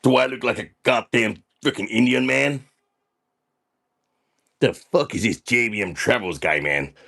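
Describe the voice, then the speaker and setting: A man's voice: medium pitch, unhurried, gravelly, bright, forceful tone, full character voice. A man playing a crude, boastful party dude on a comedy livestream, swaggering and tacking "man" onto almost every sentence. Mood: brash. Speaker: livestream character host. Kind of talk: comedic livestream persona reading chat.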